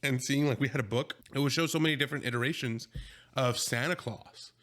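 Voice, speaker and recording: A man's voice: medium pitch, fairly quick, a bit bright. A man with an American accent, co-hosting a podcast in casual chat, joking and laid-back. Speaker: podcast co-host.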